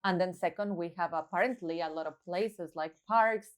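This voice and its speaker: Mexican-accented woman, thirties, podcast co-host, low-ish voice, chatty and animated. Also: normal speed. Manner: chatty, laughing, animated storytelling. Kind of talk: casual chat.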